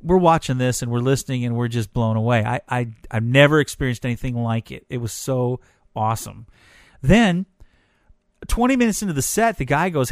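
A man telling a personal story in a casual, animated way, getting emotional as he goes. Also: medium pitch, brisk, no room sound, clean studio sound. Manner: animated, emotional, grows excited. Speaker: storyteller recounting a concert.

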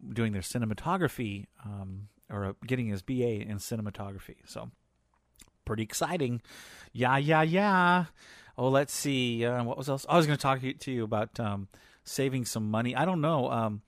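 A man's voice: lowish voice, no echo, clean studio sound. A man in his forties hosting a podcast, telling family stories in a rambling, chatty way with lots of fillers. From US Pacific Northwest. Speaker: podcast host. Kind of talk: casual personal chat.

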